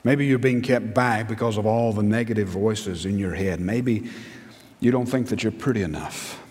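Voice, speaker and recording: A middle-aged man preaching a sermon, asking rhetorical questions and jumping up in pitch for emphasis. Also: normal speed, a little mellow. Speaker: pastor. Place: church sanctuary. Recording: long reverb of a large hall.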